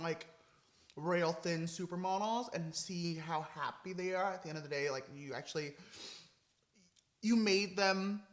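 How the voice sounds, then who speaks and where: A young man chatting casually in a vlog, gushing and expressive, swinging between excited and low-key. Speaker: vlogger. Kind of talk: casual mukbang vlog chat.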